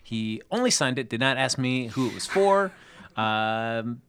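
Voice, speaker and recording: A man's voice: medium pitch, animated, a little slow, a bit bright, clear, resonant tone. Man podcast co-host, mid-range voice, wry, grumbling self-deprecation. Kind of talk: casual chat. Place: podcast booth.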